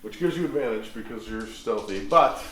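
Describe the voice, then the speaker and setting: A man narrating as game master, explaining rules in a halting, self-correcting way. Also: medium pitch, animated. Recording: echoey room, noisy, far from mic.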